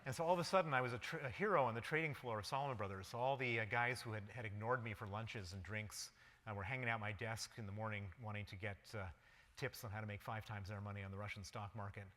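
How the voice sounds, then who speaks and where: A man's voice: lowish voice, fairly even intonation, quick pace, fairly bright tone. A man giving a public lecture, recounting a personal story vividly in the present tense. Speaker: guest lecturer. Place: lecture hall. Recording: long reverb of a lecture hall.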